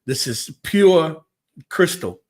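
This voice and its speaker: A man's voice: on the high side, expressive, slow pace. A man hosting a spiritual talk show, speaking emphatically and repetitively and arguing with his viewers. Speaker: host.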